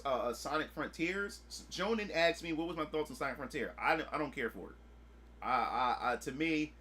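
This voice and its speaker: Man, streamer, casual chat, excitable, crisp bright tone, a bit high. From United States. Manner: excitable, swears freely, acts out his own past reactions.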